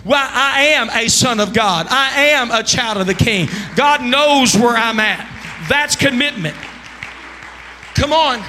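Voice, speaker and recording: A man preaching a sermon from the pulpit, swinging between quiet asides and loud, sung shouts. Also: extremely high pitch, big-room sound, a faint crowd, a little hiss or hum. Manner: preaching with rising shouts and sung, drawn-out lines. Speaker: pastor. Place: church sanctuary.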